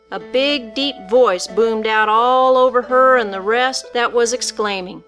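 A woman narrates a storybook in first person, with folksy, rural turns of speech. Her voice is bright and a bit high, and soft guitar plays faintly behind her. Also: a little slow.

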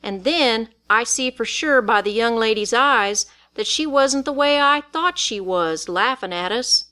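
A woman's voice: fairly high pitch, lively intonation, unhurried, bright, forceful tone, clear, resonant tone. A woman narrating a story in the first person with folksy, rural dialect speech.

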